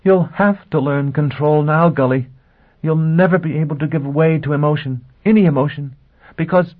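Female role, young, icy and scornful, quiet deliberate delivery, male reader puts her on, phone-line tone. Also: mid-range voice, slightly rough, pitched above the performer's own voice, close to an everyday voice. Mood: hysterical. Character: tense, scornful young woman, icy then hysterical. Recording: tinny phone-like sound.

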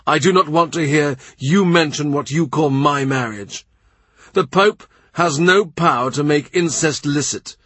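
A man voicing a volatile, powerful king who speaks forcefully and emphatically. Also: fairly high pitch, unhurried, husky, dry recording, voice pushed up. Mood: commanding. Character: volatile powerful king, cold then furious.

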